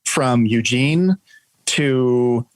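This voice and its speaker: A man's voice: mid-range voice, drawn-out words, no echo, rough recording. A man being interviewed as a guest, telling a story in a conversational, earnest way to explain an idea.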